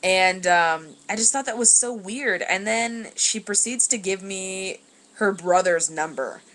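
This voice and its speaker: A woman's voice: medium pitch, unhurried, fairly bright tone. A young woman telling a rambling story in a casual vlog, full of fillers and laughing as she goes, recorded on a webcam indoors at home. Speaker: vlogger.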